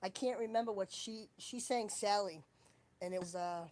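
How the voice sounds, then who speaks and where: A woman's voice: mid-range voice, normal speed, darkish tone. Rambling, chatty woman on a home live stream. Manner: chatty, wandering, searches while talking. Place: at home, indoors.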